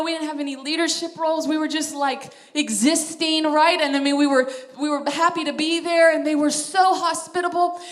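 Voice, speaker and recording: High-voiced woman telling a heartfelt testimony. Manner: animated storyteller, laughs often, drops to soft emotional tones. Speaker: missionary speaker. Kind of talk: personal testimony talk.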